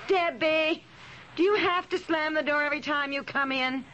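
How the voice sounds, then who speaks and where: An actress playing an excitable, chatty suburban housewife in a 1950s radio drama, talking in bubbly, giggly rushes. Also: female voice, high voice, a loud crowd, natural voice. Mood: excited. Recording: dull old radio recording, faint hiss.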